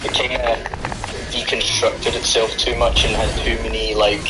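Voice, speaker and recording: A man's voice: fairly low pitch, flat delivery, moderate pace, heavy background noise. A Scottish man calling in to a show, chatty and agreeable in casual conversation. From Scotland. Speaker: caller. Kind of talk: casual call-in chat.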